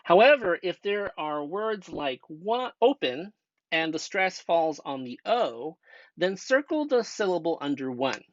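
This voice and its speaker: Lively young man teaching a grammar lesson. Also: fairly high pitch, unhurried, dry recording. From United States. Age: young adult. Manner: patient, step-by-step teacher talk with rhetorical questions. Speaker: student teacher. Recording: dull dry lo-fi voice-over.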